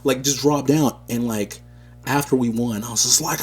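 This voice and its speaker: A man co-hosting a podcast, telling stories in a casual, animated, slangy way. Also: mid-range voice, moderate pace, slightly rough. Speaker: podcast co-host. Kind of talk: casual chat.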